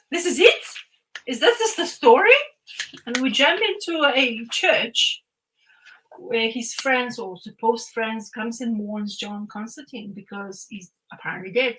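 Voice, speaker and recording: A young woman on a casual podcast, winding through a comic's plot with lots of fillers and restarts. Her voice sits a little high and rings bright and forward. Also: poor audio. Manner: rambling, animated storytelling with frequent fillers and restarts. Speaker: podcast co-host.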